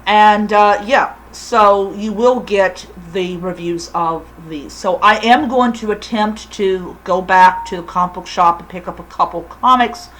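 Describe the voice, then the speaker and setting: A woman giving a casual spoken episode review, gushing and excitable, with frequent halting restarts. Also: mid-range voice, a little hiss or hum, rough recording.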